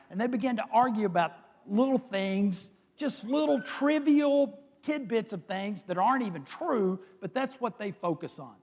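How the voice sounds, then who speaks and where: A pastor with a high-pitched voice delivers a sermon, retelling scripture in a lively, conversational way. His voice carries with a long reverb through the church hall. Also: normal speed, hardly any pauses. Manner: conversational storytelling, dramatic retelling. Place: church sanctuary.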